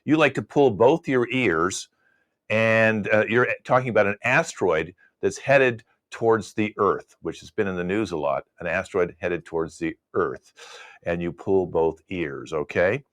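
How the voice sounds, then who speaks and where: Guy hosting improv games over video call, lowish voice, laid back. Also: fairly bright tone. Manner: easygoing, explains game rules. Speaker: improv show host. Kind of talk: casual game hosting.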